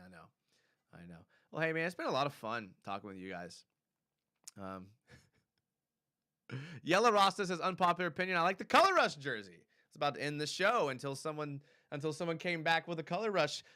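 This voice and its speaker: A man's voice: a little high, brisk. A man hosting a fan live stream, casually reading viewer comments aloud and reacting with laughs. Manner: animated, laughing, reads chat aloud.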